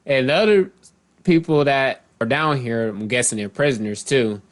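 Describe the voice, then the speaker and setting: A man's voice: mid-range voice, moderate pace. A man casually recapping and commenting, rambling and often correcting himself mid-sentence. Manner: loose, rambling, self-correcting, reads out character lines. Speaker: manga chapter reviewer.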